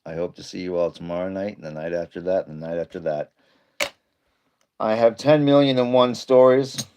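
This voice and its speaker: A man's voice: low-pitched, brisk, noisy background. A man casually chatting on his evening live stream, greeting viewers by name and rambling between topics.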